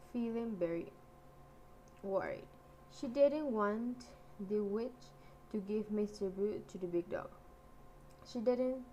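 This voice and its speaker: A woman reads a fairy tale aloud, lilting and expressive. Her pace is slow and deliberate, and a faint hiss sits beneath her voice. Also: medium pitch, rough recording. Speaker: storyteller.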